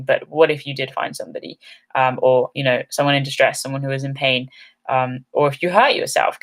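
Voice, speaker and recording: A woman's voice: low voice, a bit bright. A woman hosting an outdoor channel's live stream, chatting upbeat and rambling with many ums while reading comments, a little tired.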